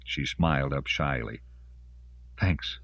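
A man narrating a story in an expressive storytelling voice. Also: low voice, normal speed, no room sound, highs cut off. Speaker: audiobook narrator. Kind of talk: scripted narration.

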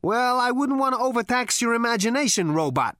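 A man's voice: very high voice, lively intonation, brisk, bright, forceful tone, no room sound, studio quality, voice pushed up, heavily acted. A man voicing a brash, cocky two-headed alien man with a sneering, flippant manner.

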